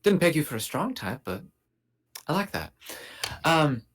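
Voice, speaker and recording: A man's voice: on the high side, big pitch swings, measured pace, fairly bright tone, voice pushed up, exaggerated voice. A man voicing a once-weary female official in a tabletop game, with a light, teasing manner. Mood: pleased. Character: cheerful female official, tired but now pleased.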